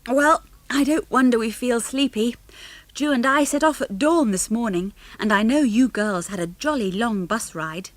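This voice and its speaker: A woman voicing a cheerful, outspoken schoolboy, lively and raised in pitch, in a storybook reading. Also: normal speed, no room sound, natural voice.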